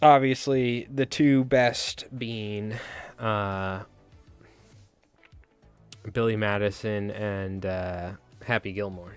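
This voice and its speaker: A man's voice: on the low side, steady tone, extremely slow, long pauses, smooth, faint music behind. Rambling, jokey male stream host. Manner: rambling, jokey, swears casually. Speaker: fly-tying livestream host. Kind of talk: casual livestream chat.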